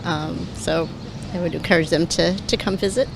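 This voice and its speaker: A woman answering an interviewer's questions on a city street in a warm, friendly way. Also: lowish voice, fairly even intonation, moderate pace, vocal fry, noisy background. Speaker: passer-by.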